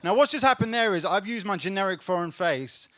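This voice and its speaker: A man performing a stand-up comedy set on a club stage, telling a story and building to loud laughs. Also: high-pitched, expressive, fairly quick.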